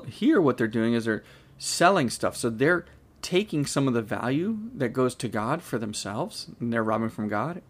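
A man leads a Bible study in an easygoing, conversational manner. His voice sits at an ordinary mid pitch. He reads verses aloud, then thinks them through out loud, often stopping to restart a thought. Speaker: Bible teacher. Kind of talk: casual Bible study teaching.

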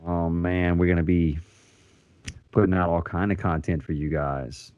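A man's voice: low voice, fairly even intonation, moderate pace. A man co-hosting a podcast, teasing and joking in casual banter. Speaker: podcast co-host. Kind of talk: casual chat. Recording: dull, dry lo-fi mic.

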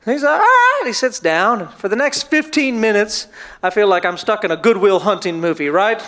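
A man's voice: high-pitched, moderate pace. A pastor preaching a sermon to his church, telling a story and acting out the voices of the people in it. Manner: animated, acts out quoted voices.

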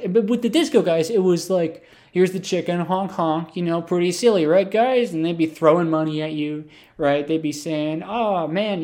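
A man with a fairly high voice spins an improvised comic monologue. He rambles and doubles back, with lots of "you know" and "right?". His deadpan delivery treats the nonsense as plain fact. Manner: rambling, absurd, deadpan, full of fillers and asides. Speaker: comedic storyteller.

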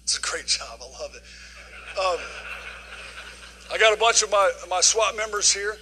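A middle-aged man preaching a sermon in a folksy storytelling way, using casual dialect grammar and swinging from loud passages to hushed ones. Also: high voice, lively intonation, normal speed, slight background noise, rough recording. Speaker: guest preacher.

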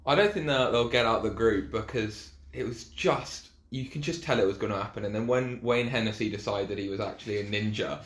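A man's voice: on the low side, a little fast, hardly any pauses. A young man on a casual football podcast, giving his views in a wry, matter-of-fact way. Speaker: podcast co-host. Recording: echoey room with faint noise.

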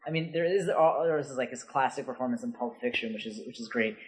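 A man's voice: mid-range voice, brisk, rough recording. A man chatting on a podcast as a co-host, rambling with lots of fillers and restarts. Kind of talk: casual podcast discussion.

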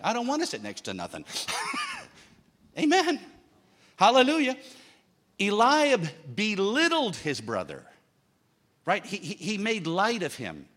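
Brief: male preacher, fairly high voice, emphatic sermon with jokes. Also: huge pitch swings, takes it slowly, pauses often, fairly bright tone. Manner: emphatic, with humorous asides.

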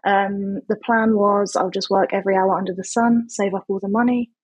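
Chatty English woman, husky voice. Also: mid-range voice, fairly even intonation, normal speed, dry recording, poor audio. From England. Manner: chatty storytelling, self-mocking. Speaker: podcast guest. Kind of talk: casual interview chat.

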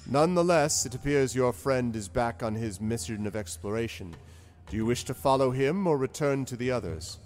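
A man's voice: medium pitch, animated, a little mellow, close to an everyday voice. A man voicing a solemn, devout male temple guardian who speaks formally, in a game. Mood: courteous. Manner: formal, measured speech.

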